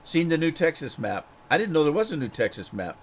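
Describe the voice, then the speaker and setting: A man's voice: fairly high pitch, big pitch swings, fairly quick, a little hiss or hum. A man streaming a farming game, telling a rambling anecdote with chuckles and repeated words, then greeting viewers in chat. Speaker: gaming streamer. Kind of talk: casual storytelling while gaming.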